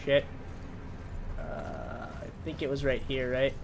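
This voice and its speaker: A young man giving casual, rambling gameplay commentary, swearing and breaking into sudden loud yells. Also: medium pitch, big pitch swings, takes it slowly, vocal fry, noisy background. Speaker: gaming streamer.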